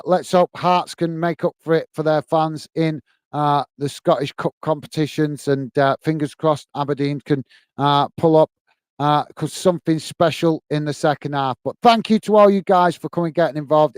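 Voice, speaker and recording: A man's voice: a little high, fairly even intonation, normal speed, clean tone, no room sound. A tired man hosting a football live stream, reading viewer comments and signing off friendly with lots of fillers. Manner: friendly, repetitive sign-offs, many fillers. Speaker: football channel host.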